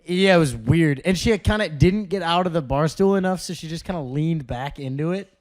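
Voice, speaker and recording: A man's voice: fairly high pitch, brisk. A man co-hosting a casual podcast chat from an apartment, telling stories with a lot of laughter. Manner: laughing, animated storytelling. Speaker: podcast co-host. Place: apartment room.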